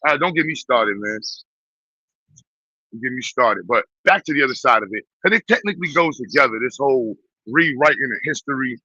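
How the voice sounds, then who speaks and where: A man with a New York accent hosting a blunt, profane, animated rant in quick bursts. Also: mid-range voice, husky, no room sound. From Brooklyn, New York. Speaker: host. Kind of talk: casual ranting commentary. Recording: dull, muffled dry sound.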